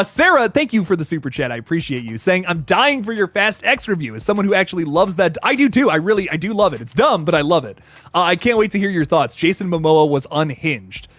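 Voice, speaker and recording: Male livestream host, hyped and profane, very lively pitch, dry room. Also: dry recording. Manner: excitable and swearing, with frequent laughs. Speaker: horror movie channel host. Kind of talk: casual livestream chat reading super chats.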